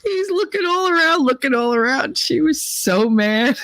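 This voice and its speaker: A woman's voice: sits high, expressive, moderate pace, fairly bright tone, dry recording, rough recording. A young adult woman hosting a livestream, telling crude stories in casual chat and breaking into laughter often. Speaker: livestream host.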